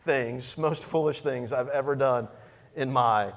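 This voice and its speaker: A man preaching as a pastor, telling a self-mocking story in an animated way. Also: mid-range voice, measured pace, in a large hall. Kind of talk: sermon storytelling.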